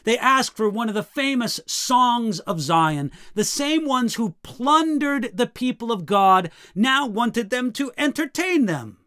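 Slow, high-voiced male pastor. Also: fairly bright tone, dry recording, clean studio sound. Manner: measured, reflective, reads quotations with feeling. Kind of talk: verse-by-verse Bible teaching.

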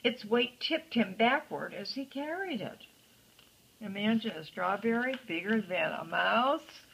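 An older woman reading a picture book aloud to a child, with gentle chatty asides and a husky voice. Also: medium pitch, expressive, a little slow, slight background noise, low-quality recording. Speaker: storyteller grandmother.

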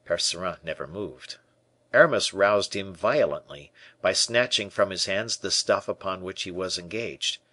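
A man narrating a classic adventure novel in an expressive audiobook reading. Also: sits low, moderate pace, dry recording. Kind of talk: scripted narration.

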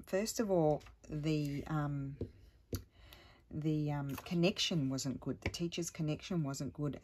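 A middle-aged woman chatting at home as a crafting vlogger, telling a rambling story with many restarts and sometimes dropping to a hushed voice. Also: low voice, husky. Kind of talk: casual chat while crafting.

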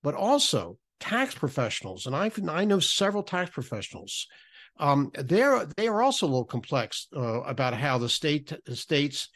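Halting man explaining tax rules. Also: a little high, big pitch swings, a bit bright. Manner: halting, with many restarts and repeated words. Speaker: podcast guest, federal benefits writer. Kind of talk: explanatory podcast talk.

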